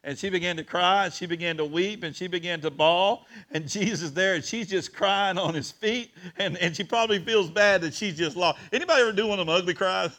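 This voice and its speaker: Bright-voiced preacher swinging loud to hushed. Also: male voice, high-pitched, brisk, few pauses, slight background noise. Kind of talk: sermon.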